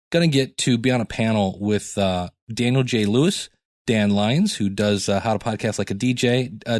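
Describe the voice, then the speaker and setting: In a studio-quality recording with no room sound, a male podcast host chats casually on his own show. His mid-range voice has a slightly mellow quality, and he rambles with jokey asides, worn out from lack of sleep.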